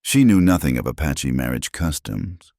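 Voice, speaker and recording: Very deep gravelly male narrator. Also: expressive, a little mellow, dry recording, clean studio sound. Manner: measured dramatic read-aloud. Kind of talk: scripted storytelling narration.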